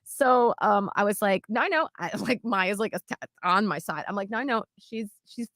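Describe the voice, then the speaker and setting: A woman's voice: mid-range voice, moderate pace, dry recording, clean studio sound. A woman co-hosting a show, telling a personal story in casual chat and acting out what others said. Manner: animated, acts out quotes with shifts in loudness. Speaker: podcast co-host.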